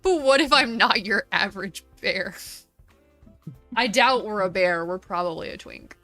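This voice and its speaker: A woman's voice: mid-range voice, expressive, sharp tone, faint music behind. A woman with an American Valley Girl accent, chatting casually and swearing while streaming a game. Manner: chatty, swearing, quick asides.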